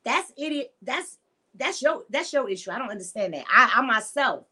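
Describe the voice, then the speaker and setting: Middle-aged woman, podcast host, blunt and profane, with a high, bright voice. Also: sing-song, moderate pace, husky. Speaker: podcast host and sex educator. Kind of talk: unscripted monologue podcast.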